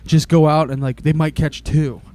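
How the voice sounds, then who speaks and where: A man's voice: on the high side, steady tone, moderate pace, darkish tone. A man chatting casually with a friend, playful and swearing, reacting to the story. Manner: laid-back, swearing, playful. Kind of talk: casual chat.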